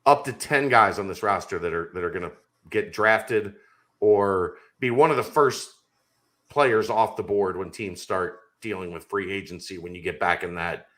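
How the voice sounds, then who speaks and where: Emphatic man with a bright, low voice. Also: normal speed. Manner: emphatic, argumentative. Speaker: podcast guest. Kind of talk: casual sports chat.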